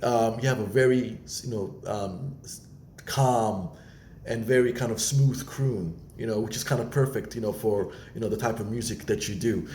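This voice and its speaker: Male judge, rambling praise, low voice, echoey room with faint noise. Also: normal speed, darkish tone. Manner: rambling, many "you know"s. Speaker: talent show judge. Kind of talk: judge feedback.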